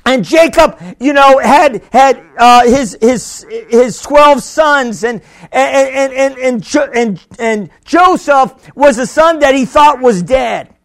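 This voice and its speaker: A man preaching a sermon as pastor, with sudden shouts and many repeated words. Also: very high-pitched, slow pace, hardly any pauses.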